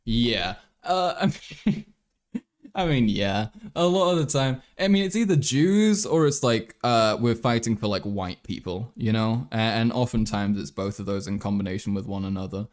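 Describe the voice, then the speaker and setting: A man's voice: fairly low pitch, animated, normal speed. A man with a half English, half German background hosts a livestream, rambling casually, swearing and restarting his thoughts. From England and Germany. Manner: rambling, profane, thinks aloud with many restarts. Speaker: livestream host.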